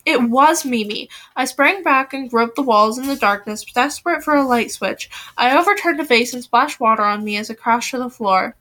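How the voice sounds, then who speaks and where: A woman's voice: a little high, brisk, hardly any pauses. A woman reading a novel aloud, voicing the dialogue with feeling and now and then restarting a phrase. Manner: reads with lively acted dialogue and occasional restarts. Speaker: reader.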